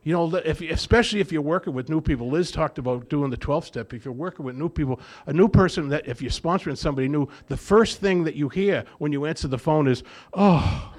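A man's voice: on the high side, fast talker, hardly any pauses. Man sharing his recovery story. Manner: storytelling that acts out both sides of remembered dialogue. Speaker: speaker at a recovery meeting. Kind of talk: personal recovery talk to a group.

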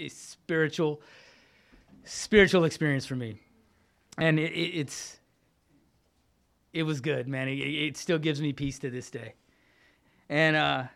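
Gravelly-voiced middle-aged man sharing his story. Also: fairly high pitch, fairly bright tone. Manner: casual and heartfelt, repeats phrases, says "man" often. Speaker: speaker sharing at a recovery meeting. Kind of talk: personal recovery testimony.

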